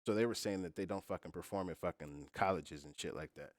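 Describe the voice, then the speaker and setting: Low-voiced man explaining at length. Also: fairly quick, no echo, clean studio sound. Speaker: podcast host. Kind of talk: casual podcast chat.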